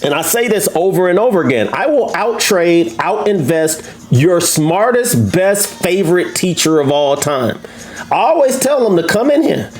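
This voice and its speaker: A man teaching trading to viewers in a live lesson, brash and boastful, challenging his audience and jumping up in pitch for emphasis. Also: normal speed. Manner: animated, swoops up into high pitch for emphasis.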